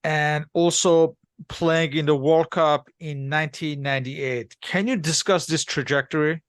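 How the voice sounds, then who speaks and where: A man hosting an interview, asking measured, prepared questions. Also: a little high, steady tone, smooth, dry recording, studio quality. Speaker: interview host.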